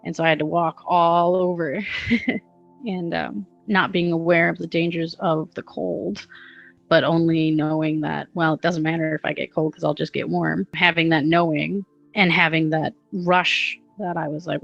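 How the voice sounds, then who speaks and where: A woman's voice: low voice, level tone, brisk, vocal fry. A young woman telling a long personal story in a casual, rambling way, often giggling and using fillers. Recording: dull lo-fi audio with faint music.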